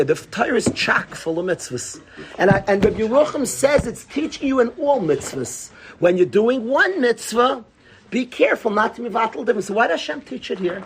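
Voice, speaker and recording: A man giving an animated Torah class. He talks emphatically, repeats key phrases and asks rhetorical questions. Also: high-pitched, slight background noise.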